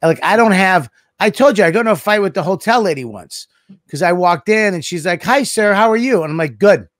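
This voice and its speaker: A man with a Boston accent, hosting a casual podcast chat in a blunt, profane, gruff way. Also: high-pitched, lively intonation, brisk, no room sound, studio quality. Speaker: podcast host.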